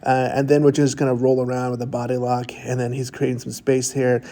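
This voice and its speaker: A man's voice: mid-range voice, monotone, fairly quick, mellow. A middle-aged man casually narrating his own jiu-jitsu roll in a voice-over, goofy and self-mocking, chatting through each move.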